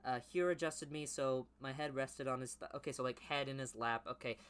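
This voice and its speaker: Young guy mumbling through his cringey old story then yelling jokes at it. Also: mid-range voice, brisk, clear, resonant tone. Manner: flat mumbled reading broken by loud mocking outbursts. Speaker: YouTuber reading his childhood writing. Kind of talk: comic reading with commentary.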